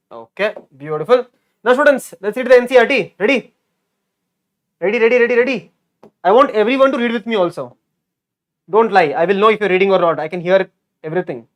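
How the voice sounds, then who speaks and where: A male teacher giving a lively online exam-prep lecture. He repeats key words and keeps quizzing his students. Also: high-pitched. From India.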